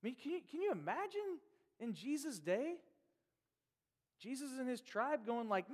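A man from Nebraska preaching a sermon in a conversational, animated way, acting out quoted voices. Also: very high-pitched, moderate pace, pauses often. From Nebraska, USA. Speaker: pastor. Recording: long hall reverb.

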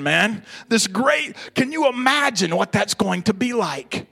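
Fired-up preacher guy, high voice, gets loud then drops way down to tell a story. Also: unhurried, vocal fry, breathy edge. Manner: excitable, swings between loud preaching and hushed storytelling. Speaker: pastor. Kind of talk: sermon.

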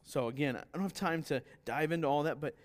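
Here a pastor preaches fast and conversationally, weaving in anecdotes and restarting sentences. He acts out figures from his stories, leaping to a higher pitch to voice them.

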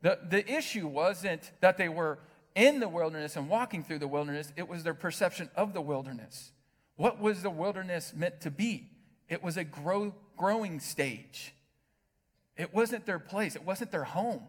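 A man preaching a sermon as pastor, animated, asking the congregation rhetorical questions. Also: high voice, normal speed. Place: church hall with long reverb. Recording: reverberant hall sound.

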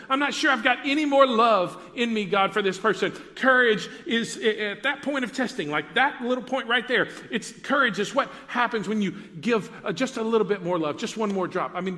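A man's voice: high voice, bright, forceful tone. A man preaching a sermon as pastor, talking conversationally and turning to ask the congregation questions. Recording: preached in a reverberant church hall.

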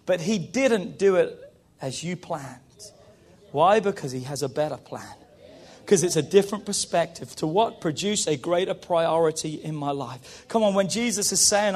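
High-voiced preaching man, rising to shouts. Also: moderate pace. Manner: builds from quiet to shouted fervor. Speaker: pastor. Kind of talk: sermon.

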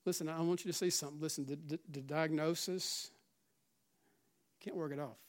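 A middle-aged man with a South Carolina Southern accent preaching a sermon as pastor, swinging between loud urging and hushed, near-whispered lines and often repeating "listen.". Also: a little high, steady tone, a little fast.

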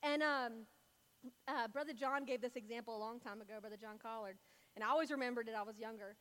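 A young woman from Louisiana gives a casual Bible talk in a slightly high, somewhat bright voice, speaking fast. Her loose, chatty storytelling is full of fillers, and her words trail off into a long reverb like a large hall.

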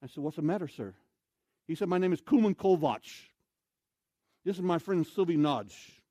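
An American man, a missionary speaker, telling a humorous story in an animated, comic way and acting out scenes. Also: fairly high pitch, moderate pace, dry recording. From United States.

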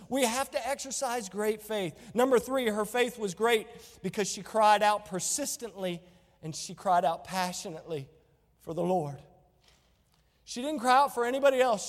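A man's voice: very high voice, in a large hall. A man preaching a sermon as pastor, emphatic and full of rhetorical questions.

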